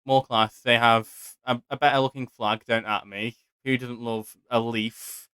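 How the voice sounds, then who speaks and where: A man's voice: medium pitch, level tone, measured pace, bright, forceful tone, clean tone, no echo. A young British man hosting a casual podcast chat, talking in chatty, giggly bursts with stammering restarts. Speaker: podcast host. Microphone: home microphone, strict settings.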